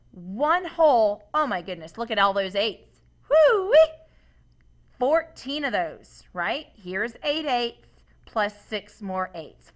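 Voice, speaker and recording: A woman's voice: medium pitch, bright, forceful tone. A woman teacher walking students through a math demonstration, upbeat and asking them questions as she goes. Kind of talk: classroom demonstration lesson.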